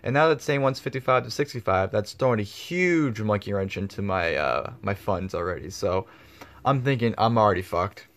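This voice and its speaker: Man, slightly low voice, casual vlog storytelling, rambling, lots of swearing. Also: expressive, normal speed, a bit bright. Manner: rambling, swears freely, many fillers. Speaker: vlogger.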